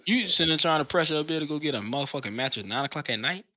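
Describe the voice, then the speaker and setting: Brisk bright-voiced man, lo-fi sound. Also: a little high, lively intonation. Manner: forceful, slangy, talks over others. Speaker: podcast co-host. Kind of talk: casual chat. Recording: dull lo-fi sound.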